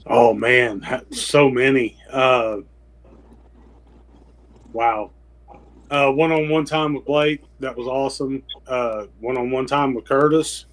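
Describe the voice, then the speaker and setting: A man's voice: medium pitch, takes it slowly, long pauses, fairly bright tone, low-quality recording. A man co-hosting a podcast, chatting casually with friends, joking and trailing off into restarts. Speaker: podcast co-host. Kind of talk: casual chat.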